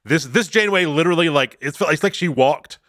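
A man's voice: on the high side, dry recording, clean studio sound. A man casually recapping a TV episode on a podcast, acting out characters' lines as he goes. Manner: animated, acts out characters' lines in quick retelling. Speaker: podcast co-host.

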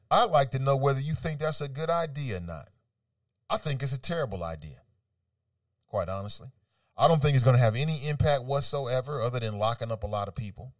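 A man hosting an opinionated talk radio segment, reading out quotes and rebutting them with animated, argumentative commentary. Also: medium pitch, no room sound, clean studio sound, recorded from a distance.

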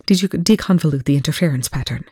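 A sharp-tongued male scientist speaks in a clipped, sardonic, often hushed way, as a reader puts him on. His lines are curt and provocative. The sound is dry and close. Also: mid-range voice, fast talker, husky, no room sound, lightly acted.

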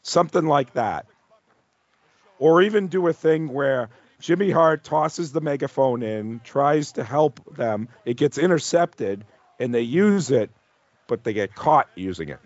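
A man with a plain, mid-pitched voice chatting casually in a wry, easygoing way and laughing easily. The recording is dry and close, with slightly muffled, lo-fi audio. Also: lively intonation, measured pace, no echo. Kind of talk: casual chat about wrestling.

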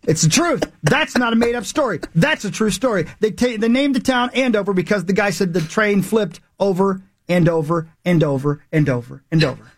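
A man's voice: sits high, animated, moderate pace, few pauses, no room sound. A man in his forties, a morning radio host, telling a rambling, emphatic story with self-mocking asides. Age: 40s. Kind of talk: casual morning radio chat.

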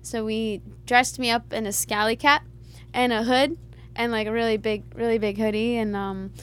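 Musician lady being interviewed, higher voice, chill and candid, lots of likes and ums. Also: normal speed, clean tone. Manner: relaxed, candid, filler-heavy. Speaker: musician guest. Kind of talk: casual interview chat.

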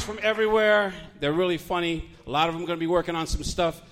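A man's voice: high-pitched, fast talker, hardly any pauses, a bit bright, soft background music, some chatter behind. A Puerto Rican man hosting a live stand-up comedy show, telling jokes and laughing along at his own material. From Puerto Rico. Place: comedy club stage.

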